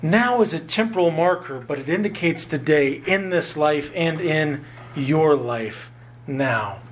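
A man preaching a sermon on a Bible passage, earnest and emphatic, drawing out key words slowly and slipping in light self-deprecating humor. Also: fairly high pitch, animated, slight background noise.

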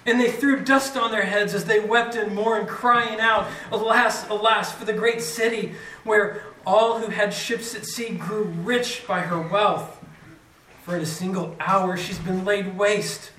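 High-voiced man preaching in an echoey hall. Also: fairly even intonation, unhurried, a little hiss or hum. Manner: dramatic reading, rising loud on quoted cries. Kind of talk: scripture reading and sermon. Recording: echoey room, mic from a distance.

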